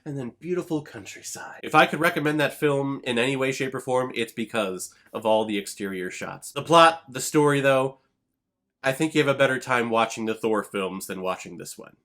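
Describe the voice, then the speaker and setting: A man in a middle pitch, running through a casual film review with quick, wry asides. He talks in an easygoing way, with plenty of sarcasm about what he watched. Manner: lively, quick conversational delivery. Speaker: movie review channel host.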